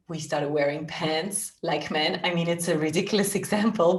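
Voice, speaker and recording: A woman from Belgium talks as a podcast guest, her French accent clear in each word. Her voice sits low and soothing. The room gives back a roomy echo. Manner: soft, soothing, laughs often. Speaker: guest, spiritual business mentor. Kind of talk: podcast interview.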